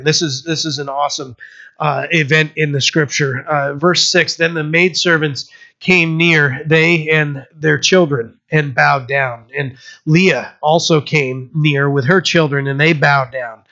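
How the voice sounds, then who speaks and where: A male pastor gives an informal Bible teaching, retelling scripture scenes in everyday, conversational speech. His voice sits on the high side, steady, bright and forceful, and a little slow, on a slightly muffled lo-fi recording.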